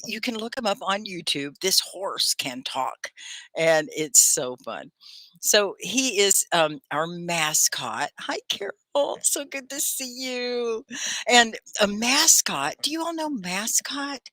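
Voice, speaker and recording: Lively, clear-speaking woman teacher. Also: fairly low pitch, dry recording. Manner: lively, articulates words clearly, often laughs. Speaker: English teacher and host. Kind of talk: live online ESL class.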